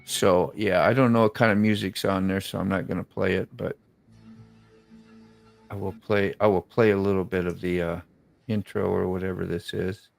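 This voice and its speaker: Gravelly low-voiced laid-back man. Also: steady tone, normal speed, soft background music, poor audio. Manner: laid-back, fills talk with "you know" and "man". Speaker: show host. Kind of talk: casual chat.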